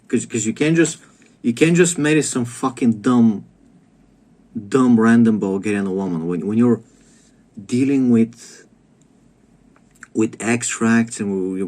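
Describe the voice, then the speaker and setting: A man's voice: lowish voice, darkish tone. A man delivering a comedic rant to camera, crude and profane, lecturing with stammered restarts. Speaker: comedic vlogger.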